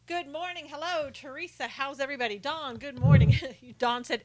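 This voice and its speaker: A woman's voice: high voice, moderate pace, fairly bright tone. A woman hosting a casual live stream who greets viewers by name, reads their comments aloud and talks indignantly about rude reporters.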